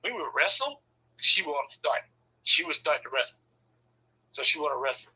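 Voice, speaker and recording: Husky, bright-voiced man telling stories. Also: normal speed, low-quality recording. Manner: animated, laughs often, acts out quoted lines with sudden high shouts; profane, loose everyday speech. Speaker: storyteller in a casual conversation. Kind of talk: casual chat.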